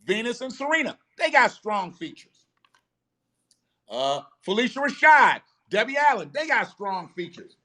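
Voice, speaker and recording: A man's voice: very high-pitched, big pitch swings, unhurried, sharp tone. Blunt, profane man ranting on a live stream. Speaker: host of a live show.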